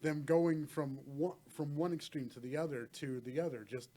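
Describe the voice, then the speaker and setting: Male podcast co-host, slightly higher voice, meandering and searching for words. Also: moderate pace, dark tone. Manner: rambling, many fillers and restarts. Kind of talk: casual film discussion.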